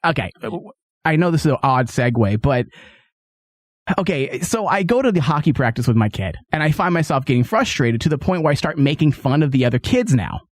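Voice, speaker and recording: Lively joking man hosting a podcast. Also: on the high side, brisk, no room sound, studio quality. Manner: animated, joking, stumbling restarts. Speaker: podcast host. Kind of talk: casual comedic chat.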